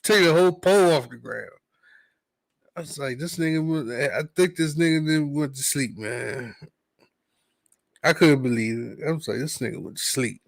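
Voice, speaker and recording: A man's voice: fairly high pitch, normal speed, creaky, long pauses, dry recording, rough recording. Laid-back man on a dry mic. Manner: laid-back storytelling, quoting himself under his breath. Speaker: podcast co-host. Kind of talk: casual podcast chat.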